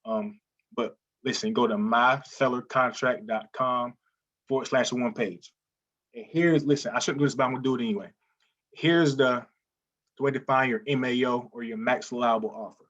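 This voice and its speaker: A man teaching real estate wholesaling in a live webinar, energetic and repetitive, often saying "listen, man". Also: medium pitch, moderate pace, lo-fi sound.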